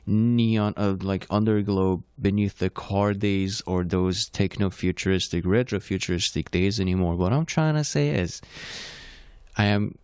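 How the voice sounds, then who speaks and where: A young man with a Persian accent talks casually and in a rambling way, stopping to correct himself as he introduces music. His voice sits fairly low. The sound is dry and close, with no room around it. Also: steady tone, a little slow, darkish tone, clean tone, no room sound. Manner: rambling, self-correcting, conversational. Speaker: playlist host. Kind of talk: casual solo talk.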